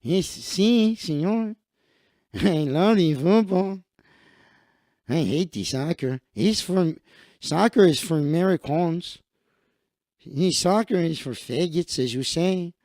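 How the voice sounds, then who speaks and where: A man's voice: a little high, mellow, dry recording, studio quality. A man putting on an eager young Mexican footballer. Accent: put-on Mexican Spanish accent. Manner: broken English, earnest and boastful.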